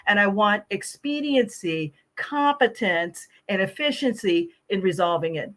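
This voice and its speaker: A woman hosting a podcast and training on customer service, talking in a lively, animated way, laughing often and acting out the phrases she quotes. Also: medium pitch, measured pace. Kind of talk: casual podcast conversation.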